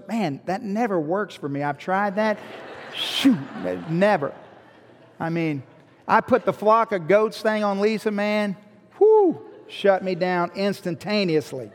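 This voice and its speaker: A man preaching a sermon, animated, with rhetorical questions and joking asides to the congregation. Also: high-pitched, takes it slowly, long reverb tail. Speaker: pastor.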